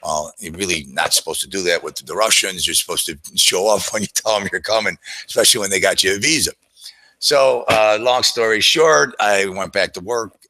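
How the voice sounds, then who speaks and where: A man's voice: low-pitched, brisk, sharp tone, dry recording, rough recording. A man, a trader, telling a long personal story in a casual, rambling way, full of fillers and restarts.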